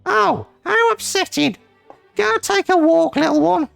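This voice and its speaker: A man's voice: very high voice, lively intonation, unhurried, gravelly, fairly bright tone, soft background music, pitched above the performer's own voice, heavily acted. A man voicing a fussy older noblewoman in a game, squealing and theatrical.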